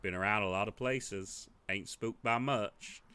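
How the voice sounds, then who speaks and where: A man voicing a weathered old drifter in a game playthrough, speaking in short, slow, folksy lines. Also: on the low side, pushed and bright, clean tone. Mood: wary. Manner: slow, clipped and terse, folksy.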